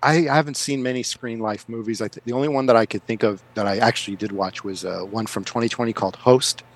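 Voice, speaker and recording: Rambling, animated podcast guest, a man. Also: medium pitch, fast. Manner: rambling, animated, with restarts and laughs. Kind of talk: casual chat.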